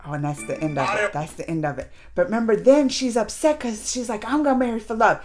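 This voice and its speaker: A woman, excitedly recapping a TV episode and acting out the characters' lines. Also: medium pitch, fairly quick, music in the background. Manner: chatty, animated retelling with exaggerated quoted voices. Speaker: reaction video host.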